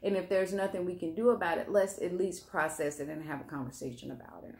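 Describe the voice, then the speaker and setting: Animated woman co-host telling stories. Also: fairly low pitch, fast. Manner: animated storytelling, acts out quotes, laughs often. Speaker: relationship coach, co-host. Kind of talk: casual conversation with her husband. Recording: roomy echo.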